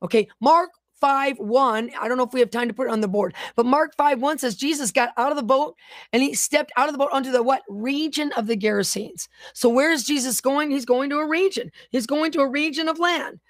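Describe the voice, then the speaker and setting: A woman preacher with a high voice leads a streamed prayer session, issuing fervent, commanding declarations. She breaks off to read viewers' comments aloud before returning to teaching. The sound is close and dry, with no room echo. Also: a little fast. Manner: reads viewer comments aloud between remarks. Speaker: minister.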